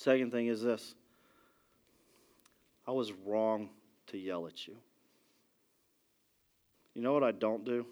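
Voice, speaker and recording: A pastor giving a conversational sermon, a father who keeps asking "ready?" and moves between loud emphasis and quiet, soft asides. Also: fairly low pitch, takes it slowly, pauses often. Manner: conversational preaching with frequent "ready?" check-ins.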